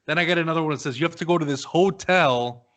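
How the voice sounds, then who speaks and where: A man hosts a relaxed podcast conversation. He talks loosely and casually, drops the odd curse word, and chuckles through his own anecdotes. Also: on the high side, fast talker. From Canada. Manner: chatty, swears casually, laughs while telling stories. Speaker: podcast host.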